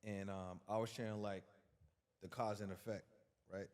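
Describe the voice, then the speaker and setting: A man's voice: on the low side, flat delivery, moderate pace, darkish tone, in a large hall. A man guest on a podcast giving a casual motivational talk, emphatic and colloquial, repeating words as he builds his point.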